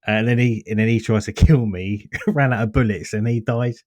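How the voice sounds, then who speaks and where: A man co-hosting a gaming podcast, telling animated, sweary stories in casual chat. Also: on the low side, moderate pace, dry recording. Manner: animated storyteller, swears freely. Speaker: podcast co-host.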